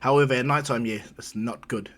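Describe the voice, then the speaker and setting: A man's voice: medium pitch, fairly even intonation, fairly quick, fairly bright tone. A man casually narrating a fan story in a rambling way, with lots of fillers.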